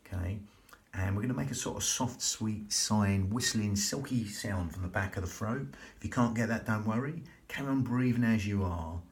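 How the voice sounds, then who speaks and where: A man leading a slow, soothing, repetitive breathing and relaxation class as a yoga instructor. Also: fairly low pitch, a little mellow.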